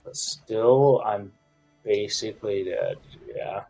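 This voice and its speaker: A man giving casual commentary over a card game match, frustrated, swinging between loud complaints and quiet muttered counting. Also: lowish voice, very animated, slow, vocal fry, soft background music.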